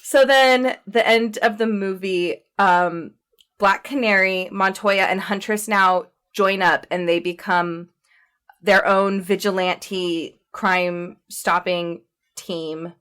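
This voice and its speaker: A woman co-hosting a podcast, recapping a movie in a chatty, animated way full of fillers and laughs. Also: medium pitch, slow, clean tone. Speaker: podcast co-host. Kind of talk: casual chat recapping a movie.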